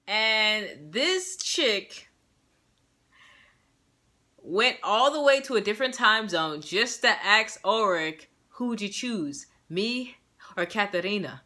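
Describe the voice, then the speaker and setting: A young woman giving a casual, sassy and animated recap of a show episode, full of slang. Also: a little high. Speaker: show reviewer.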